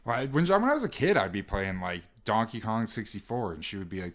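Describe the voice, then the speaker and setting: Low-voiced deadpan male podcast co-host. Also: a little fast. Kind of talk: casual comedic podcast chat.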